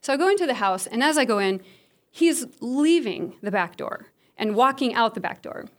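A woman in her thirties shares a personal story with an audience in a frank, candid way. Her voice sits a little high, and her humor is self-deprecating as she talks plainly about her struggles. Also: expressive, moderate pace. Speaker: speaker sharing a personal story.

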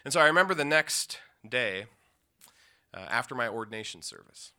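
A man's voice: mid-range voice, expressive, pushed and bright, clear, resonant tone. Intense man telling a personal story. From Yakima, Washington, USA. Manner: emotional, intense, with pauses and restarts.

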